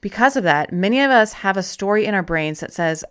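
A woman narrating a self-help audiobook in a gentle, encouraging way, with slow, deliberate emphasis on key words. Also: mid-range voice, expressive, clean tone.

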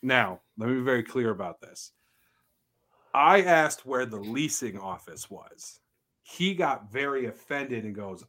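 A man co-hosting a casual podcast, ranting in a profane, animated way while telling stories about his work. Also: mid-range voice, a little slow. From Georgia, US. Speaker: podcast co-host. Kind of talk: casual chat.

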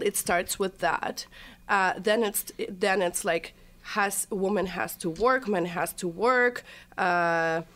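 Woman, Russian native speaker, podcast guest; playful and teasing, mid-pitched, casual delivery. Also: fairly bright tone. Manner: playful, teasing, laughs often. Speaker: guest, comedy video creator.

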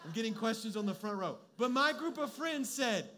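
A man's voice: very high-pitched, animated, normal speed, pushed and bright. A young adult man giving a conversational, humorous sermon as a preacher, mixing personal stories with direct advice.

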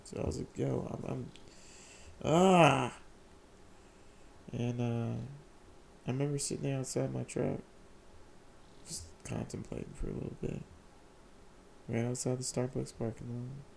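A young man candidly telling a personal story in casual slang, often halting and repeating his words. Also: mid-range voice, level tone, vocal fry, warm tone, a little hiss or hum. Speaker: vlogger sharing a personal story.

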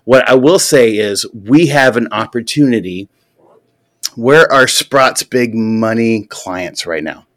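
A man's voice: medium pitch, slow pace, fairly bright tone. A man hosting a casual podcast chat, swearing freely, heated and talking over the others. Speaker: podcast host.

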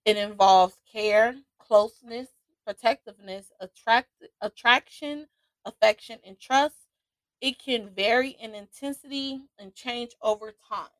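A woman hosting a podcast, talking slowly and thoughtfully with frequent restarts and laughter. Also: fairly high pitch, dry recording. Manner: slow, reflective, with restarts and laughter. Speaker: podcast host. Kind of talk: casual solo podcast talk.

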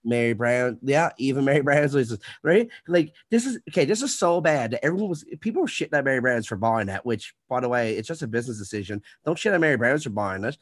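A man's voice: mid-range voice, big pitch swings, fast, hardly any pauses. A man hosting a podcast, ranting in a heated, profane way during a casual chat. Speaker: podcast host.

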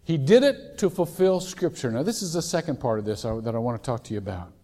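A man from Ohio preaching a sermon in a casual, storytelling way, with occasional loud shouted impressions. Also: medium pitch, animated, fast. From Ohio, USA. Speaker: pastor. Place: large church sanctuary. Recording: church hall reverb.

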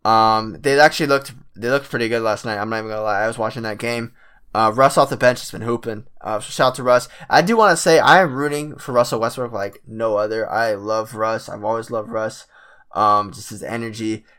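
A man giving a casual, rambling basketball fan rant, slangy and profane, with lots of filler words, often working himself up to loud frustration. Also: lowish voice, brisk, clear, resonant tone. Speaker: sports fan vlogger.

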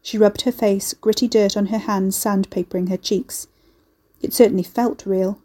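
A woman narrating a dark fantasy story in an expressive audiobook reading. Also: mid-range voice, normal speed.

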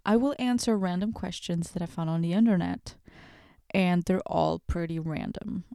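A woman's voice: on the low side, normal speed, creaky, mellow, clear, resonant tone, dry recording, studio quality. A woman hosting a casual solo podcast, rambling and giggling with self-deprecating jokes, wired on late-night coffee. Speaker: podcast host. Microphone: podcast microphone.

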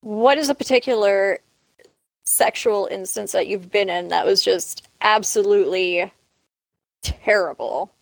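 Brief: direct, outspoken female podcast host, mid pitch, fry, dry close sound. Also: unhurried, no room sound. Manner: frank and direct, steers the talk. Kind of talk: casual podcast chat.

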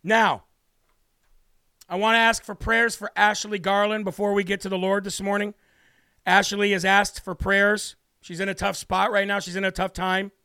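A high, bright-toned man hosting a talk show, delivering a brash and emphatic monologue in a preachy way. His voice sits in a dry, close sound with no room around it. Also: flat delivery, normal speed, clear, resonant tone, no room sound. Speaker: political talk show host. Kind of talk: opinionated monologue with scripture reading.

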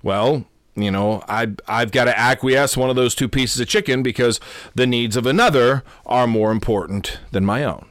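A man's voice: mid-range voice, normal speed, a bit bright, dry recording, clean studio sound. A man who is a Lutheran pastor hosting a podcast, giving an unscripted teaching talk that often repeats and corrects itself and checks in with "okay?". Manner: repetitive, self-correcting, asks "okay?" often.

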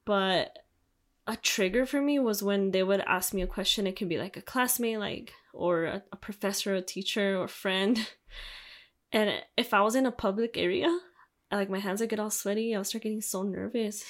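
A woman's voice: medium pitch, moderate pace. Young woman cohost, candid casual chat, swears a lot, laughs easy. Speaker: podcast co-host.

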